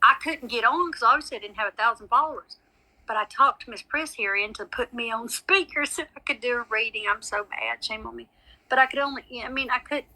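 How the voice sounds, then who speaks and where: A woman working as a psychic medium chats casually with her livestream viewers, rambling and calling them honey and sweetie. Her voice is fairly high and sharp, she talks a little fast, and the recording quality is low.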